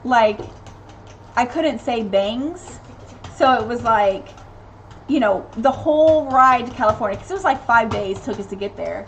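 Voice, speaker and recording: A woman's voice: fairly high pitch, lively intonation, unhurried, slight background noise, low-quality recording. A woman in her thirties from Tennessee, a mother chatting casually on a live stream, rambling with many ums and reading viewer comments aloud. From Tennessee, USA.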